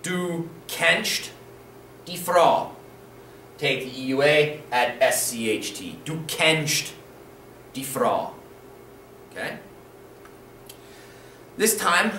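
A man's voice: a little high, fairly bright tone, recorded from a distance. Patient male language teacher in an echoey room. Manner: patient, encouraging, repeats rules and checks in with "okay?". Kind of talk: instructional video lesson. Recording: roomy echo, voice a bit off-mic, faint room noise.

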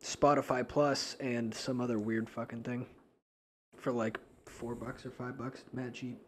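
A man's voice: medium pitch, little pitch movement, measured pace, a little hiss or hum. A young man from New Hampshire, co-hosting a podcast in casual, profane, rambling chat with frequent laughs. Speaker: podcast co-host.

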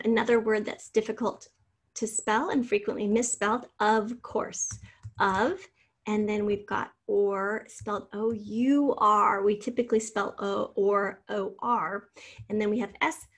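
A woman's voice: medium pitch, slightly rough. A woman teacher giving a spelling lesson, patiently sounding out syllables and spelling words letter by letter.

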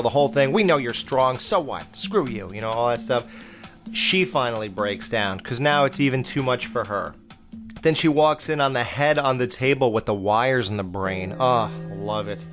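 Man, casual film review talk, blunt and swearing, average pitch, soft music underneath. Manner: blunt and profane, exclaims and mocks characters. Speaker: podcast host reviewing horror films.

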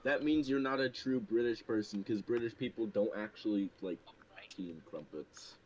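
An American man bantering playfully on a gaming stream, teasing and sometimes shouting. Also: fairly low pitch, normal speed, rough recording. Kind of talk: casual gaming chat.

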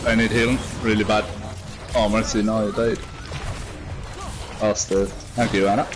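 A man's voice: on the low side, flat delivery, moderate pace, noisy background. A man chatting casually and swearing a lot over a headset while gaming. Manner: swears constantly, laid-back. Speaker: gamer.

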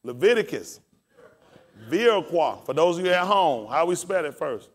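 A man's voice: a little high, very animated, normal speed. A man pastor preaching and teaching scripture, calling out questions to his congregation and spelling words aloud.

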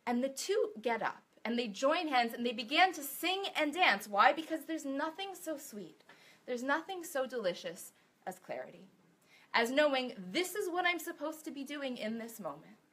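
A woman giving a talk, telling a story in an expressive, animated way. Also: high voice, normal speed.

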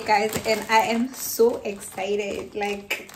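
A woman from South Africa filming a casual haul vlog at home, tired and short of breath, chatty and excitable, sometimes dropping to a whisper. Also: fairly high pitch, slow pace, hardly any pauses, background noise. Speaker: vlogger.

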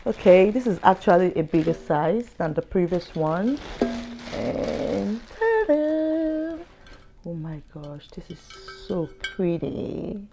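A woman's voice: fairly low pitch, very animated, slow, background noise. A young woman vlogger unboxing gifts, exclaiming and gasping over each one. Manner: gushing, lots of exclamations and gasps. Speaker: lifestyle vlogger. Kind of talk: excited unboxing vlog.

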